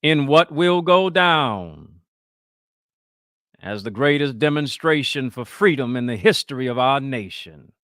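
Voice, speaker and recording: A man doing an impression of a Southern Baptist preacher, with a Southern drawl and a slow, melodic vibrato. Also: mid-range voice, expressive, a bit bright, dry recording, clean studio sound, pitched above the performer's own voice. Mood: oratorical.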